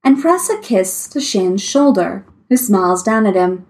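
A woman reading fan fiction aloud with expressive storytelling. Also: medium pitch, unhurried. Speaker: story reader.

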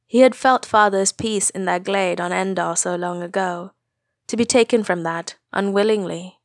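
A woman narrating a fan fiction story aloud, reading in a brisk, expressive way. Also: lowish voice, no room sound, studio quality.

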